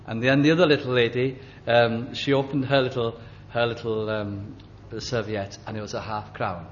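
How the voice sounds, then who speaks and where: Older man, gentle reminiscing sermon, halting speech, medium pitch, dull lo-fi recording. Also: fairly even intonation, slight background noise. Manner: gentle, halting, with many fillers and restarts. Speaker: preacher.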